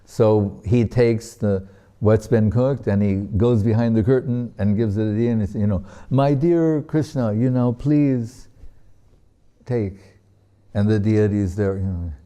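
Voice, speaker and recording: A man giving a devotional class as a spiritual teacher, telling a story gently and unhurriedly and breaking into soft laughs now and then. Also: lowish voice, steady tone, moderate pace.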